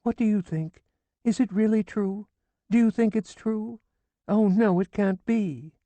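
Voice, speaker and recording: A man's voice: high voice, measured pace, mellow, no room sound, voice pushed up. A man voicing a distraught old woman who wails and then scolds indignantly, in an audiobook reading. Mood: tearful lament.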